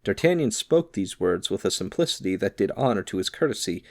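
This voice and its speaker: A man narrating a classic adventure novel in a steady, measured way. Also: lowish voice, vocal fry, dry recording, clean studio sound. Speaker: audiobook narrator.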